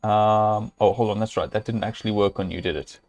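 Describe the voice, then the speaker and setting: A man talks through a game on a live stream, working out each move as he goes. His speech is loose and halting, full of "um"s and restarts. Now and then he speaks straight to his viewers or scolds the game's hero. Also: on the low side, fairly even intonation, darkish tone. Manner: thinking aloud, hesitant, with many fillers and restarts. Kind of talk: live gameplay commentary.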